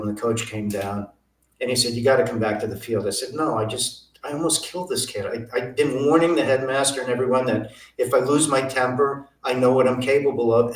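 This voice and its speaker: An older man recounts his past as an interview guest, slipping into the voices of the people in his story. His voice is mid-pitched. The sound is roomy, with the mic set some distance away. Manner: vivid storytelling, acts out quoted dialogue.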